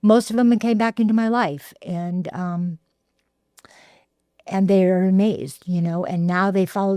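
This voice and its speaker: A woman, telling her recovery story in a halting way with repeated words and fillers. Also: mid-range voice, warm tone, dry recording, clean studio sound. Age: 60s. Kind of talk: heartfelt personal testimony.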